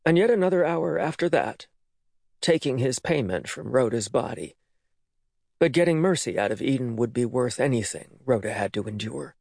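A man reading an audiobook, narrating in an expressive, dramatic way. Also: medium pitch, normal speed, gravelly, no echo, studio quality. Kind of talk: scripted narration.

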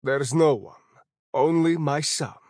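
A laconic, commanding father figure, voiced by a male audiobook reader. He speaks in short, firm bursts, a little louder than the narration. The sound is dry and close. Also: a little high, slow pace, no echo. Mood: terse. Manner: curt, clipped, firm. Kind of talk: audiobook character voice.

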